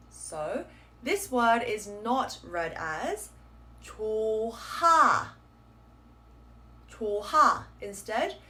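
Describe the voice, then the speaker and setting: A woman teaching a pronunciation lesson, explaining patiently and sounding out model words slowly and clearly. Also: mid-range voice, fairly bright tone. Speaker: Korean language teacher.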